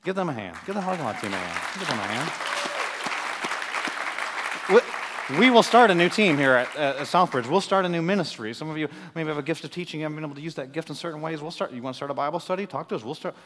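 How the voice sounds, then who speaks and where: A man's voice: fairly high pitch, expressive, quick pace, a bit bright, some chatter behind, a little hiss or hum. A man preaching a sermon as pastor, talking conversationally and with energy to his congregation in a church. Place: church sanctuary. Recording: long hall reverb.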